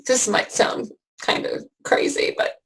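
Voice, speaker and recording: A woman giving an emotional personal account as an interview guest, halting with many fillers and restarts. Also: fairly bright tone, poor audio.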